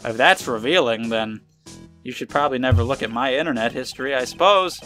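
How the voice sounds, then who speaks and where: A man giving casual commentary over a game, full of crude jokes and offhand asides. His voice is bright and clear, pitched at an ordinary middle. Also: a little fast, faint music behind. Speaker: let's player.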